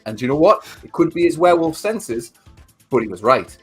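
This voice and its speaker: A man's voice: a little high, very animated, a little fast, husky, faint music behind. A man co-hosting a livestream, recapping a movie plot in a rambling, sweary way. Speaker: livestream co-host. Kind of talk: casual movie chat.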